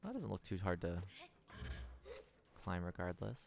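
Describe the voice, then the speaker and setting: A man's voice: deep voice, sing-song, a little slow, vocal fry, a little mellow. A man streaming a video game, commenting casually and reading game text aloud in a playful, goofy way.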